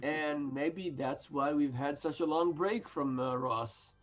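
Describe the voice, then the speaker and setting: A man with a fairly high voice co-hosts a casual chat and adds dry wisecracks. His recording sounds slightly muffled and lo-fi, with faint music behind him. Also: slow pace. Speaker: podcast co-host.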